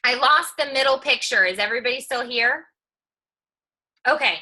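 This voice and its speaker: A woman speaks on a live video stream with a very bright, sharp tone and a fairly high voice. She tells stories in a chatty, candid way with a streak of humor, giving a motivational talk to fellow moms. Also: normal speed, rough recording. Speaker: online video creator and mom.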